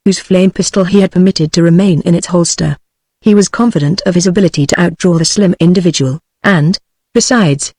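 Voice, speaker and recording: A text-to-speech woman's voice with a British English accent, reading audiobook narration in an even, steady way. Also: on the low side, no room sound, studio quality.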